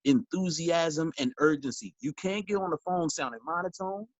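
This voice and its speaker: This sales-team coach has a slightly high voice and talks at a normal speed, with no echo in the room. His motivational training talk is emphatic and preachy, full of repeated key lines and calls of "y'all." The recording sounds flat, dry, and low-fidelity.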